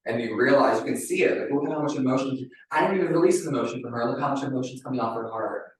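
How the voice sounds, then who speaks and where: A man's voice: mid-range voice, rapid-fire, a little hiss or hum. A man leading a live wellness demonstration for a group, talking casually and checking in with "right?" after many phrases. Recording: very echoey room, mic far off.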